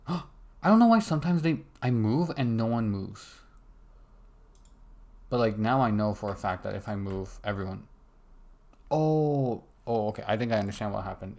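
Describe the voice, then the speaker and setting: A man's voice: on the low side, creaky, a little mellow. A young man muttering to himself as he codes a game, cutting himself off mid-sentence, with keyboard clicks behind him. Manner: muttering to himself, self-interrupting. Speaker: game developer streaming his work. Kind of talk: casual live coding commentary. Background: keyboard typing and mouse clicks.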